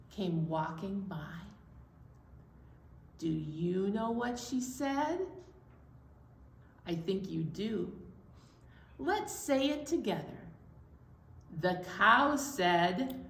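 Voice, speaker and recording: A children's librarian leading a story time poem, coaxing listeners to join in with animal sounds. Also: female voice, mid-range voice, big pitch swings, drawn-out words, long pauses. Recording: echoey room.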